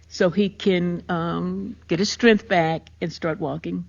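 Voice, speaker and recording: A woman's voice: lowish voice, unhurried, gravelly, hardly any pauses. An older woman, hosting a podcast and emphatically telling a personal story of grief. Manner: emotional, emphatic retelling. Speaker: podcast host. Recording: muffled lo-fi recording.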